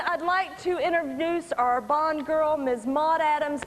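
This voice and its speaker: High-voiced woman calling a live auction. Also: a little slow. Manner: salesy, repeats bid calls and "ladies and gentlemen". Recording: reverberant hall.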